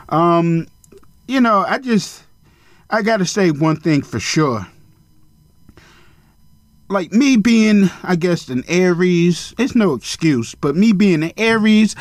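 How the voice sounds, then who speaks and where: A high-voiced man talks on his own podcast in a loose, rambling rant. He is blunt and swears freely, and his voice sits dry and close to the mic. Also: no room sound. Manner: mocking high-pitched impressions of others. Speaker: podcast host. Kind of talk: casual solo podcast monologue.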